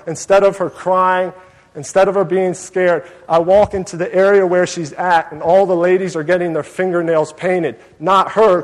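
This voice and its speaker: A man preaching a sermon as pastor, telling a personal story in an earnest, conversational way. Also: on the high side. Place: church sanctuary. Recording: long hall reverb.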